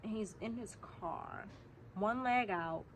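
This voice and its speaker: A woman vlogger telling a story to her viewers in casual chat, animated and profane, swinging from hushed asides to loud outbursts. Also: medium pitch, takes it slowly, gravelly, slight background noise.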